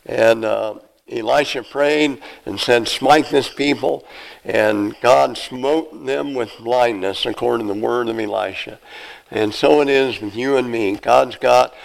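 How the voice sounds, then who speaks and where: A man preaches a sermon, moving between conversational exhortation and reading Bible verses aloud. His voice sits at a middle pitch and sounds earnest and plain-spoken. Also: unhurried, gravelly, low-quality recording.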